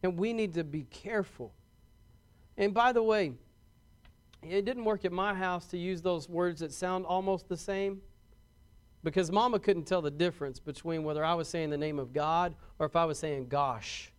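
The pastor's voice is high and smooth, moving at a normal speed. He talks with his congregation rather than at them, often restarting, repeating words, and asking them questions.

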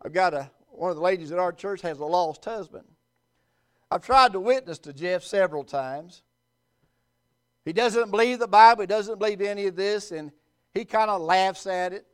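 A male pastor preaching with a very high, clear, smooth voice. He leans into his words, pausing for effect and swinging between loud and quiet. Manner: emphatic, with dramatic pauses and swings in volume. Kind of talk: sermon.

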